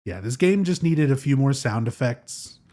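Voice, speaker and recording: A man's voice: mid-range voice, animated, normal speed, warm tone. A man streaming a game live, joking and laughing often as he comments. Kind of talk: casual live gameplay commentary.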